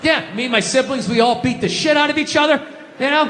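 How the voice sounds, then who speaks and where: A middle-aged man rants through a stand-up set, his high voice climbing into shouts. His tone is bright and forceful, and a long hall reverb trails behind the handheld stage mic, with faint ambience under it. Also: quick pace, slight background noise. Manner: loud ranting delivery with frequent shouting. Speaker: stand-up comedian. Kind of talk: stand-up comedy rant. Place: theater stage before a live audience.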